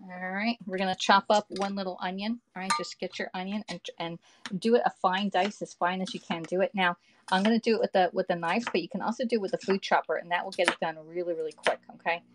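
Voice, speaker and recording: A woman's voice: mid-range voice, fairly even intonation, fast talker, noisy background. A woman, hosting a live cooking stream from her home kitchen, chatting with viewers and reading their comments aloud. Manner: chatty, reads viewer comments aloud, talks to the audience with "y'all" and "okay".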